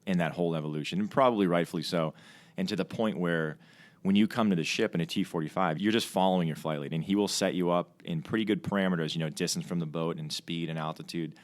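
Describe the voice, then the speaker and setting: A man with a very low voice talks fast as he tells a casual podcast story about flying. He keeps restarting sentences and fills the gaps with ums and you-knows, the way a Navy pilot chats with a fellow aviator. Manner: rambling with frequent restarts and fillers. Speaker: Navy fighter pilot and training officer. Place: podcast studio.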